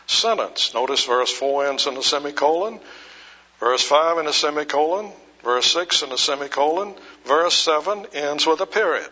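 Man, preacher, husky voice, lively rising and falling pitch, muffled lo-fi recording. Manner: slow, deliberate preaching with rhetorical questions. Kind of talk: sermon.

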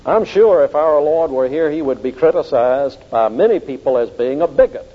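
Emphatic preacher in an echoing hall. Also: male voice, fairly high pitch, animated, moderate pace. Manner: emphatic, repeats key phrases for stress. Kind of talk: sermon. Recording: dull old recording in a reverberant hall.

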